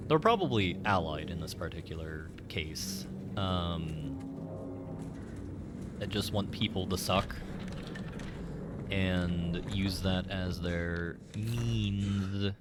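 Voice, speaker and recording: A man's voice: low-pitched, slow pace, very noisy. A man casually commenting while playing a game on stream, rambling with many "like" fillers and side remarks.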